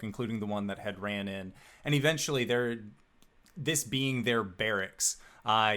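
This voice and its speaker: A man with a fairly low voice runs a tabletop game as game master. He narrates scenes in a relaxed, halting way, with many pauses and fillers.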